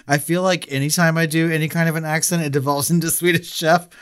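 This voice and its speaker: A man's voice: on the high side, level tone, fast, fairly bright tone, clear, resonant tone. Casual, joking male podcast co-host. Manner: joking, swears freely, laughs often. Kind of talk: casual chat.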